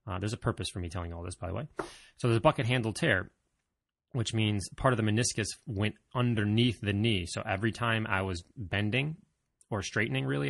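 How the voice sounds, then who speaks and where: A man's voice: on the low side, gravelly, a bit bright, no room sound, studio quality. A man telling a personal story to his viewers in a casual, rambling way, with plenty of fillers, self-corrections and self-deprecating humor. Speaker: vlogger.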